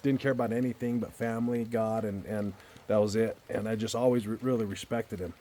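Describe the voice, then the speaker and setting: Out in a backyard at night, a storyteller vlogger shares a personal story in a casual, earnest, heartfelt way, rambling and frequently repeating or restarting his words. His voice is lowish and mellow, with fairly even intonation and a slightly fast pace.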